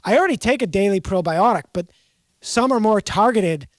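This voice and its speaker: A woman's voice: medium pitch, lively intonation, fairly quick, no room sound, studio quality. A woman with a Boston accent chatting casually, a rambling storyteller who loves puns. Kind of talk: casual chat.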